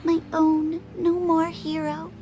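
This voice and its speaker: A woman's voice: very high-pitched, flat delivery, takes it slowly, over music. An actress voicing a grieving young woman saying a tender farewell to her father in a video game.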